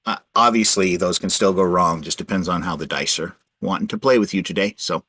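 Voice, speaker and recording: A man's voice: deep voice, a little fast, sharp tone, husky, no echo. A man acting as game master, explaining the rules and the scene patiently while restarting his sentences often. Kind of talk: running a tabletop game session.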